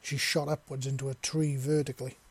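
A man reads a science fiction story aloud in a steady, plain way. His voice is mid-pitched for a man, neither high nor low. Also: brisk, husky. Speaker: narrator. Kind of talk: storybook reading.

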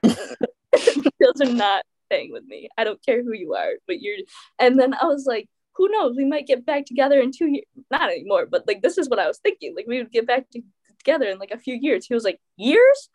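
Teenage girl, casual chat, animated storytelling, lots of fillers, slightly high voice. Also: a little fast. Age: teens. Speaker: teen guest.

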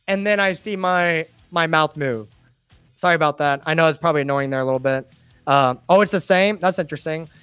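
A man's voice: high voice, a bit bright, no room sound. A man hosting a casual live stream and reading viewer comments into a desk microphone, rambling and chatty, with laughs and restarts. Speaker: host and admin of a trucking group. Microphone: desktop microphone.

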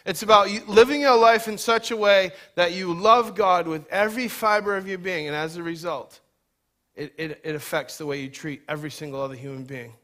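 A man preaching a sermon, emphatic, moving between loud urgent stress and quiet low passages, and acting out quoted voices in a casual way. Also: brisk. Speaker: pastor.

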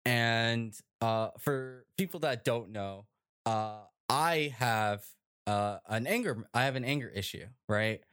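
A man hosting a casual group chat show, talking in an animated, rambling way with many fillers and tag questions. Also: medium pitch, takes it slowly, clear, resonant tone. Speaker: podcast host.

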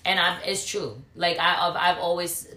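A woman's voice: lowish voice, normal speed, echoey room, a crowd in the background, poor audio. A woman in casual chat, pressing her point and repeating phrases for emphasis.

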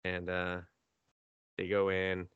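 A man co-hosting a podcast, casually retelling an anime episode with swearing, laughter and quick acted-out voices. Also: low-pitched, clear, resonant tone, no room sound, phone-quality sound. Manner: animated storytelling with swearing and laughter, acting out characters. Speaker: podcast co-host.

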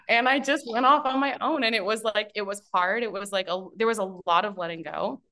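A woman's voice: mid-range voice, moderate pace, sharp tone. A woman, a business and mindset mentor as a podcast guest, telling her story in casual conversation, chatty and full of fillers and restarts. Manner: chatty, many fillers and restarts, bursts of laughter.

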